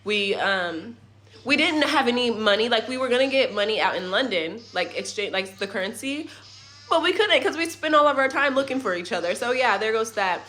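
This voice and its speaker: A young woman telling a rambling, animated story about her family's trip in a casual vlog at home, with swearing and side remarks. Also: a little high, a little fast. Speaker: family vlogger. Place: at home in a rental apartment.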